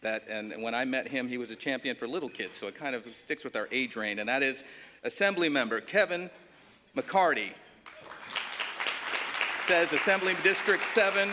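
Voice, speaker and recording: A man's voice: medium pitch, moderate pace, pushed and bright, a faint crowd. A man moderating a conference panel, introducing speakers in a chatty, joking way with fillers and restarts. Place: conference hall. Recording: reverberant hall, faint noise.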